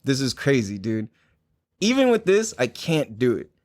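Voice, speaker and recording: Here a young podcast host speaks in a mid-range voice at normal speed, recorded with clean studio sound and no echo. He tells animated stories in a relaxed, profane way, using lots of filler words and "like"s.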